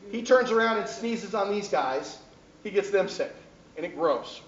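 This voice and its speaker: Lecturing teacher, man with a high voice, taped from the back of an echoey, dull-sounding classroom. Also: expressive, normal speed, far from the mic. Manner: keeps checking in with the class.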